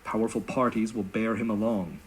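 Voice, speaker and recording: A man reading a philosophical text aloud in measured, formal scripted narration, played back as a recording. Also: on the low side, steady tone, rough recording.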